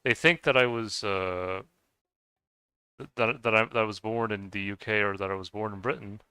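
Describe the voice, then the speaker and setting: A man's voice: lowish voice, moderate pace, sharp tone, clear, resonant tone. A man from the United States with a Scottish-sounding accent, chatting casually with a livestream chat and answering questions in a rambling way. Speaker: game streamer.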